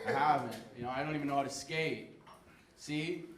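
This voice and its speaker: A man's voice: on the high side, steady tone, brisk, very noisy. A young man from Alberta, Canada, with an Albertan accent, doing a stand-up set in a laid-back, bro-ish way, peppered with "right?" and "dude.". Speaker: stand-up comedian. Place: comedy club stage. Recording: echoey club room with crowd laughter. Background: laughing audience.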